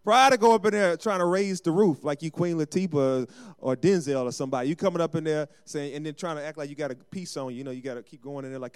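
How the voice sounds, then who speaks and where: Lively, clear-voiced male preacher. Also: a little high, fast, few pauses. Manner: call-and-response preaching with acted asides. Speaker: pastor. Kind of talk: sermon.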